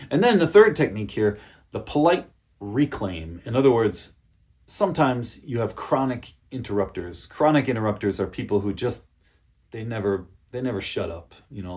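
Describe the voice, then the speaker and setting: Low-voiced man coaching business English. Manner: conversational, checks in with "okay?" and "you know"; demonstrates phrases in a calm, friendly voice. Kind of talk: casual teaching talk to camera.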